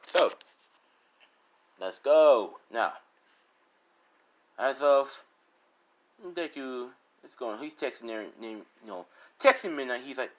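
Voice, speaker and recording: A man's voice: mid-range voice, animated, slow, pauses often. A man casually telling a fan story, rambling and full of fillers as he retells who said what.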